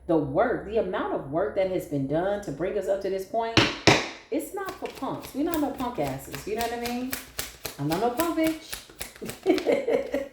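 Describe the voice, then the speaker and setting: A woman giving a casual tarot reading to viewers, animated, blunt and sassy, swearing freely. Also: mid-range voice, background noise. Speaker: tarot reader. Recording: echoey room.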